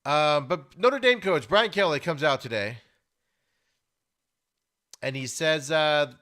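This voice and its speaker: A man hosting a sports podcast, giving opinionated casual commentary and getting loud and high when worked up. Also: slow pace. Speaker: podcast host. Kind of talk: casual sports talk monologue.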